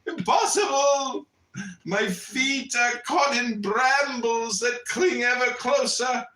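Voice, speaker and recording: A man's voice: very high voice, slow pace, voice pushed up, exaggerated voice. A man voicing a terrified man trapped in a nightmare, crying out in panic during a story reading. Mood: panicked. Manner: panicked, shouting pleas. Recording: roomy, distant mic.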